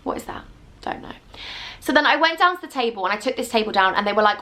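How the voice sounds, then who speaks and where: A woman's voice: on the high side, expressive, fast talker, sharp tone. Chatty woman in her twenties. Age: 20s. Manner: chatty, rambling with many asides. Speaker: vlogger. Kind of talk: storytime vlog.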